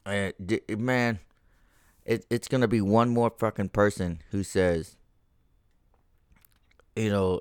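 A man's voice: fairly low pitch, steady tone, slow, pauses often, clear, resonant tone, no room sound. Profane, ranting man with a dry sound. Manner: profane, ranting, gets heated. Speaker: podcast host. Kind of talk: casual solo podcast monologue.

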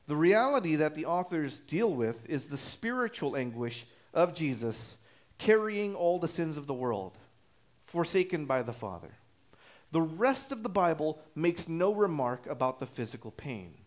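Man preaching a measured expository sermon. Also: on the high side, sing-song. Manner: measured teaching tone, explains word origins with frequent "uh" restarts. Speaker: pastor.

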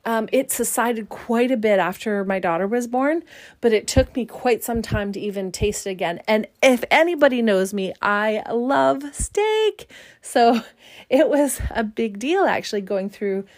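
A woman's voice: fairly high pitch, lively intonation. Upbeat chatty woman podcast host. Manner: upbeat, chatty, with frequent fillers and quick laughs. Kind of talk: casual solo podcast talk.

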